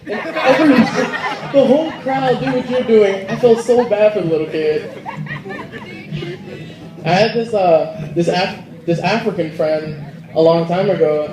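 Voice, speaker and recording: A young man performing a stand-up comedy set, telling stories and acting out the characters' lines. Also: high voice. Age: young adult. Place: school auditorium stage. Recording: echoey hall with audience noise. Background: audience laughter and murmur.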